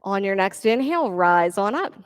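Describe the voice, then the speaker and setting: A woman leading a yoga class, calmly cueing moves and breaths and counting reps with encouragement. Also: medium pitch, moderate pace, clear, resonant tone, no echo. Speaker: yoga instructor. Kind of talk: guided yoga class cues.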